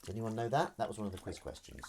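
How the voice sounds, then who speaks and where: A man's voice: on the low side, big pitch swings, rapid-fire, creaky, a little mellow, a little hiss or hum. A man hosting a casual live stream from his kitchen while washing up, chatty and self-deprecating as he reads out viewer comments. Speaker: livestream host.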